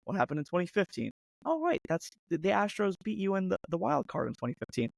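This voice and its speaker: A man co-hosting a sports podcast, ranting heatedly and mocking a team with rapid-fire rhetorical questions, his voice going hoarse. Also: sits high, wildly swooping pitch, no room sound. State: losing his voice. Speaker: podcast co-host.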